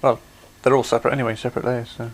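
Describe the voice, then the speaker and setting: A man's voice: mid-range voice, level tone, very fast. A man hosting a craft livestream, chatty and explaining things step by step. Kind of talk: casual demonstration.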